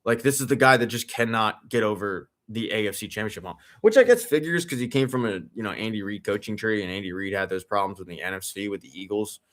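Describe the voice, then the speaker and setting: A man's voice: fairly low pitch, quick pace, few pauses, a bit bright. Give me a young man ranting profanely and sarcastically while hosting a live game watch-along.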